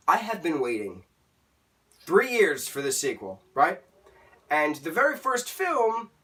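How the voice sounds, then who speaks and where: A man's voice: on the high side, bright, forceful tone, far from the mic. A young man telling an exasperated story as a movie reviewer in a ranting vlog.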